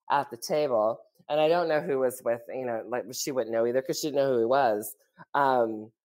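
Very low-voiced woman telling a story. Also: darkish tone. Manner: chatty, full of "like" and "you know", laughs often. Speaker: podcast co-host. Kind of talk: casual storytelling chat.

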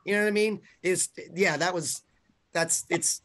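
A man's voice: sits high, normal speed, fairly bright tone, slight background noise. A man, an actor guest, rambling and tripping over his words in casual chat.

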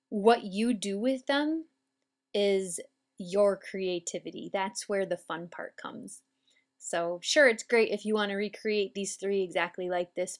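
Woman instructor, mid-pitched, patient and methodical, walking viewers through a braid demo. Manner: calm, patient, step-by-step explaining. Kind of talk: instructional demonstration.

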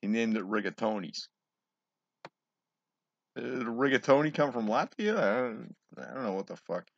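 A man's voice: mid-range voice, expressive, moderate pace, creaky, dry recording. A man casually reading jokes aloud, giggling and swearing between them. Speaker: joke reader. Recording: dull, lo-fi home recording.

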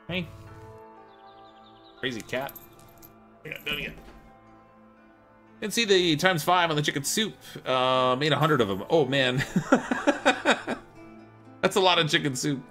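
A man's voice: a little high, a little slow, long pauses, bright, forceful tone, soft background music. Chatty man streaming a game. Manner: chatty, jokes to his pet cat. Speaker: streamer host. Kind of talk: casual gameplay commentary.

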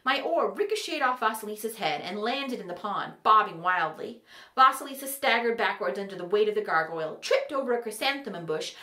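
A woman narrating a fantasy story in an animated, wry manner. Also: medium pitch, fairly quick, roomy sound.

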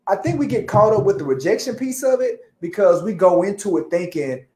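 A woman co-hosting a casual chat, talking in a playful, slangy, lively way. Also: mid-range voice, a little fast, roomy sound. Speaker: co-host.

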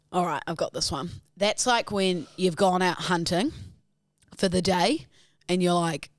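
A woman's voice: fairly low pitch, a little slow, no echo, studio quality. A woman co-hosting a podcast, playfully acting out silly scenes in casual chat. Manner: playful, puts on silly voices for people in her stories. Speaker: podcast co-host.

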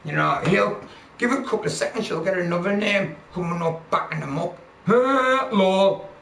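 A man's voice: high-pitched, a little fast, gravelly, pushed and bright. Foul-mouthed man ranting on a livestream. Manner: profane, heckling, mocking. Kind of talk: angry livestream rant. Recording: roomy echo, faint background noise.

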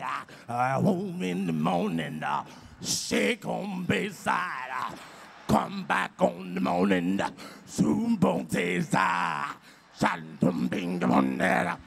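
A man's voice: a little high, very animated, takes it slowly, creaky, fairly bright tone, pitched below the performer's own voice, exaggerated voice. A male comedian imitating a preacher who hollers and growls his sermon in a sing-song chant. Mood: hollering. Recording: live stage recording with hall reverb.

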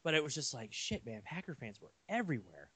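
A young man co-hosting a casual sports podcast, telling long rambling stories with animated energy. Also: medium pitch, fast talker. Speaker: podcast co-host.

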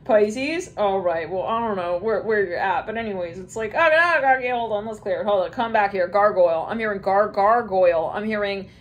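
A woman's voice: medium pitch, a little fast, few pauses. A woman giving a casual tarot reading, rambling and giggling often, with some swearing. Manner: giggly, rambling, frequent laughter and profanity. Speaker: tarot reader.

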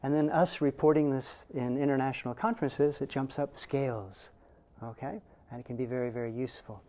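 A man's voice: mid-range voice, steady tone, brisk, mellow. A man presenting his research to a live audience in a presentation room, explaining step by step and often checking in with a questioning "okay?". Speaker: conference presenter.

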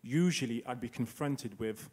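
A man speaking as a panelist in a middle pitch, telling a personal story in his own words. He pauses and restarts his sentences, and he acts out what other people said. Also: a little mellow, slightly rough. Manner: anecdotal, acts out quoted dialogue, halting restarts.

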